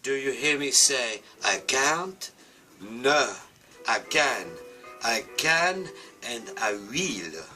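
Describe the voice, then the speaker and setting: A man's voice: mid-range voice, animated, drawn-out words, bright, forceful tone, soft background music, heavily acted. A man voicing a cheerful, self-assured French bird with stumpy wings, speaking in a put-on French accent and pepping himself up grandly. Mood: defiant. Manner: grandly determined, self-pep-talking. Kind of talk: comic storytelling with a toy.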